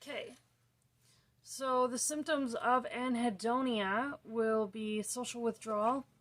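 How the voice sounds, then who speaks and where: A young woman talking casually to camera, slow and soft-spoken, her sentences often trailing off quietly. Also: on the high side, steady tone. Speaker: vlogger. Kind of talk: casual talk to camera about her own condition.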